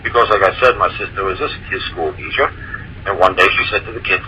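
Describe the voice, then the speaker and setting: A low-voiced man speaks quickly and casually as a talk show guest on common law, in dull audio with slight background noise. He explains his points with animation, acts out the conversations he recalls, and often repeats himself.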